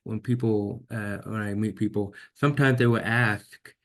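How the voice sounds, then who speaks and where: Speaking at a normal speed in a lowish, steady voice, a man with a deaf accent shares his personal story as a guest in an interview. His manner is earnest and reflective, and he repeats words as he restarts.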